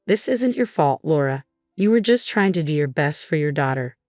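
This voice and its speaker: Caring, reassuring husband, voiced by a woman narrator, low and dry. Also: expressive, moderate pace, no echo, faint music behind. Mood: concerned. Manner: gentle, reassuring.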